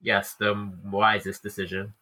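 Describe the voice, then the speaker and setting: A man's voice: on the low side, completely flat delivery, measured pace, bright, forceful tone, breathy edge, rough recording. A man co-hosting a book podcast, recapping chapters with dry, wry asides. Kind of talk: casual chat recapping a book.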